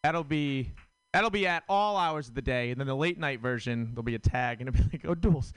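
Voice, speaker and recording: A man's voice: medium pitch, brisk, a bit bright, clear, resonant tone, dry recording. A man doing a stand-up set, rambling and self-deprecating, with lots of fillers. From Rhode Island. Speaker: stand-up comedian. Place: comedy club stage.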